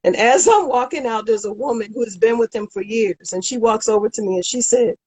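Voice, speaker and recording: Husky woman guest, animated storyteller who acts out quotes. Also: a little high, fairly quick, poor audio. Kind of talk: casual chat, storytelling.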